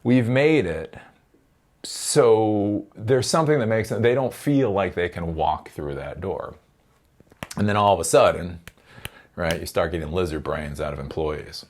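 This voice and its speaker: A man's voice: low-pitched, unhurried, a little mellow. A man giving casual vlog commentary, rambling, swearing and laughing often. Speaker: tech commentator.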